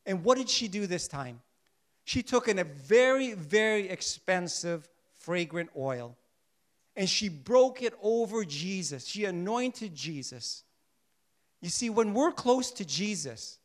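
A man preaching a sermon who keeps asking his listeners questions and answering them, drawing out his key points slowly and softly. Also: sits high, sing-song. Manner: asks the congregation rhetorical questions and answers them; shifts between soft, slow emphasis and louder bursts.

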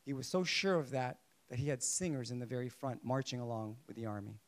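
A man preaching a sermon to a congregation in a lively way, asking them questions and joking along the way. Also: medium pitch, fairly quick. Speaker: pastor.

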